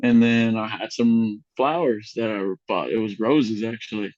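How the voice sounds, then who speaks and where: A young man on a podcast telling embarrassing stories in a loose, chatty way, acting out the voices of other people with big jumps in pitch and filling his talk with "like" and "you know". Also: measured pace, no echo, dull audio. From Mexican heritage. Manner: animated, acts out quotes with big voice jumps, lots of fillers. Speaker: podcast guest. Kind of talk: casual storytelling chat.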